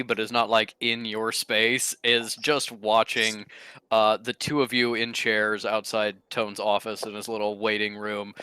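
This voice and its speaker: A man runs a tabletop game, describing scenes in a relaxed, halting way. His voice is bright and crisp, recorded close and dry. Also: medium pitch, dry recording. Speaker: game master.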